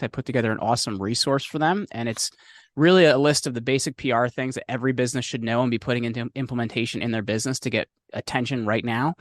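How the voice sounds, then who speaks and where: A man who owns a PR business, a guest on a podcast, talking in an upbeat, energetic way. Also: medium pitch, dry recording. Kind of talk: casual chat.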